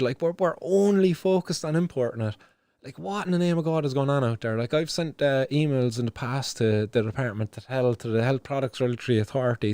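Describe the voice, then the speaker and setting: A young Irish livestream host vents about the news in loose, swear-filled chat, full of restarts and fillers. His pitch sits in the middle range. The sound is dry and close, with almost no room echo. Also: darkish tone. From Ireland. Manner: ranting, swears often, heavy fillers and restarts. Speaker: show host. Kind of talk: casual livestream news commentary.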